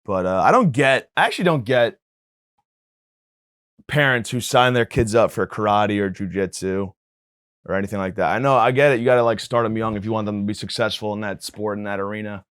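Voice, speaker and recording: A man's voice: lowish voice, a little fast, a bit bright, smooth, dry recording, studio quality. A man hosting a podcast, delivering a profane, rambling comedic monologue with mock indignation. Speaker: podcast host.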